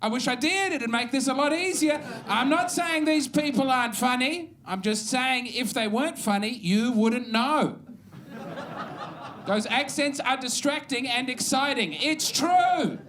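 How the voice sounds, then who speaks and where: A man's voice: very high voice, a little slow, fairly bright tone. A man from Adelaide with an Australian accent, performing a stand-up comedy set on a club stage, wry and self-deprecating with bursts of mock outrage.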